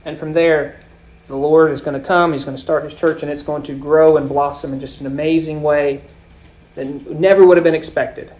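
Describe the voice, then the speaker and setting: A man's voice: fairly high pitch, fairly even intonation, moderate pace. Preaching man with dynamic swells. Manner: explanatory preaching, dynamic swells and drops in loudness. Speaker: pastor. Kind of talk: sermon.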